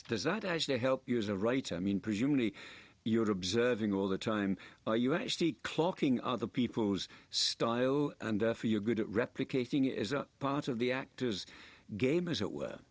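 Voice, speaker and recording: A man's voice: mid-range voice, animated, a little fast, no echo. An older man hosting a radio interview, asking long, probing, multi-part questions. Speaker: radio host.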